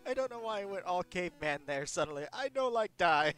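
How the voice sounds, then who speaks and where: A man's voice: high voice, lively intonation, measured pace, long pauses, a bit bright, faint music behind. A man streaming himself playing his own levels, yelping, screaming and laughing at each mishap. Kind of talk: let's-play reactions.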